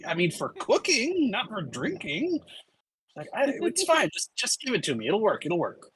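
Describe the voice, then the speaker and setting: A man's voice: high-pitched, wildly swooping pitch, normal speed, crowd noise, pitched above the performer's own voice. Man doing a chatty barmaid. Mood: flustered. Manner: chatty, warm-hearted server. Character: friendly woman barmaid at an inn.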